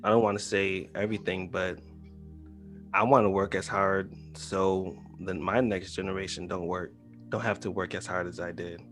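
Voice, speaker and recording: A deep-voiced man co-hosting a podcast in a relaxed, chatty tone. He talks casually and fills his pauses often. Faint music plays behind him. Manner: laid-back, chatty with many fillers. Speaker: podcast co-host.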